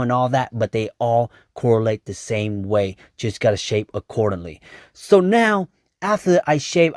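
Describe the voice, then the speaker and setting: A man's voice: mid-range voice, darkish tone, no echo, clean studio sound. A man working as a nail technician, talking through a tutorial in a blunt, chatty way, swearing now and then and calling his viewers y'all. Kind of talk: casual tutorial talk.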